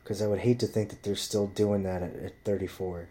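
A man's voice: low-pitched, little pitch movement, brisk, mellow. A man telling rambling stories in casual chat, swearing constantly as he talks. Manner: profane, rambling storyteller.

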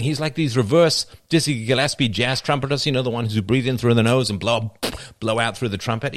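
A man's voice: medium pitch, fairly quick. A man hosting a live stream, riffing through a casual comedic monologue and laughing at his own jokes. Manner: animated, joking, often laughing at own jokes.

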